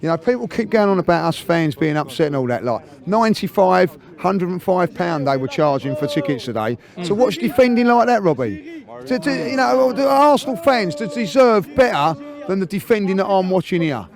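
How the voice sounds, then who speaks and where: A man's voice: high voice, animated, a little fast. A man, a football fan, venting frustration about his club to camera. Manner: frustrated, emphatic.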